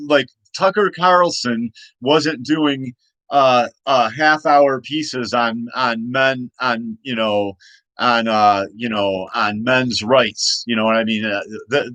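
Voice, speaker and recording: A man's voice: medium pitch, fairly bright tone, no room sound, rough recording. A man rambles through a casual monologue, circling back with frequent restarts and short laughs. His voice sits in an ordinary middle range and is recorded close and dry, with no room sound around it. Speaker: comic creator.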